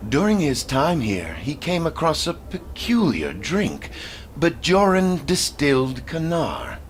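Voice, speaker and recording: An actor playing a measured, wary male alien delegate in a video game, speaking with formal, deliberate diplomatic phrasing. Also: a little high, huge pitch swings, a little hiss or hum, heavily acted.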